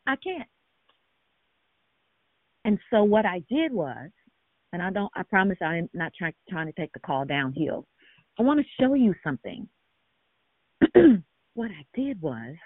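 Over a tinny conference-call line, a woman minister preaches a conversational sermon to a prayer call. She speaks earnestly and directly in a lowish voice, posing rhetorical questions and often restarting. There's no room sound.

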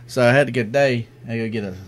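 A man's voice: mid-range voice, very fast, slight background noise. A middle-aged man co-hosting a podcast, telling stories in casual banter and laughing a lot. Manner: animated storyteller, acts out quotes, laughs a lot. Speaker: podcast co-host.

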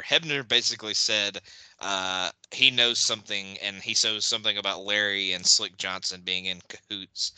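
A man hosting a casual watch-along podcast, relaxed, with laughing asides and trailing remarks. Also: deep voice, clean tone, no echo, rough recording. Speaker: podcast host.

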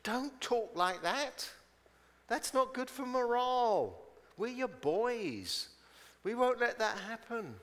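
A man's voice: fairly high pitch, animated, normal speed, clean tone, big-room sound. A man preaching voices a brash, boastful disciple who always has to speak first, with a put-on American accent. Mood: coaxing. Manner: puffed-up and loud.

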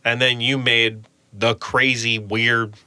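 A man's voice: medium pitch, slow pace, no room sound. A man who runs a game studio, chatting casually on a podcast and acting out quotes with a raised voice. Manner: animated, acts out quotes in a raised voice. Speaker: game studio lead who hires contractors.

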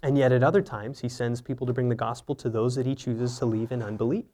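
A man's voice: mid-range voice, steady tone, fast, dark tone. A man preaching an earnest, teaching sermon, often asking rhetorical questions. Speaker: pastor.

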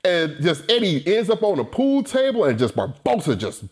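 A man in casual film talk, animated and quick to laugh, acting out scenes as he goes. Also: high-pitched, breathy edge. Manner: animated, laughing, says "you know what I'm saying".

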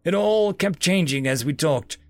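A man voicing a young male familiar who talks in an earnest, halting, hesitant way. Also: fairly high pitch, expressive, no echo, voice pushed up.

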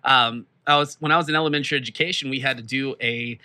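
A young man co-hosting a casual podcast, telling a rambling, animated story and laughing often. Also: medium pitch, fast. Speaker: podcast co-host. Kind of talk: casual chat, played as an old episode clip.

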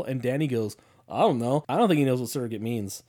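A man co-hosting a casual podcast chat, recapping a movie with swearing, laughter and quick acted-out lines. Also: mid-range voice, sing-song, a little mellow. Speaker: podcast co-host.

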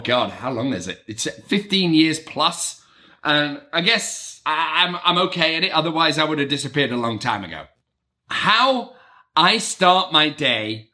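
A middle-aged man delivers a motivational monologue. His voice sits a little high and rings bright, swinging widely in pitch. He slips into his own inner voices as he tells his story. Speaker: real estate agent and podcast host.

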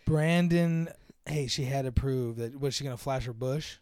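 A man co-hosting a casual movie podcast, joking crudely and slipping into quick voices when he quotes characters. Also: mid-range voice, a little mellow, clear, resonant tone, no echo, studio quality. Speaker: podcast co-host.

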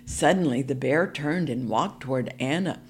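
A woman reading a storybook aloud for a podcast, narrating in the first person in a calm, measured way. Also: a bass voice, slight background noise.

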